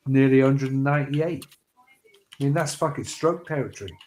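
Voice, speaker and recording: A man's voice: mid-range voice, moderate pace, a little mellow. A man speaking as a guest in a casual livestream chat, blunt and sweary, trailing off with fillers. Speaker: panel guest.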